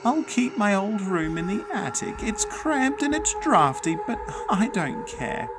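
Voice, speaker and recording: A man voicing a creepy, bossy old ghost grandmother in a throaty whisper, slow and drawn out. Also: high-pitched, big pitch swings, very noisy, pitched above the performer's own voice. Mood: eerie, gloating.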